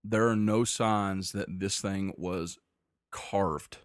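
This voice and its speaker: A man narrating as game master of a tabletop game, describing scenes in a measured way with frequent restarts. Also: deep voice, fairly even intonation, smooth, no room sound, clean studio sound.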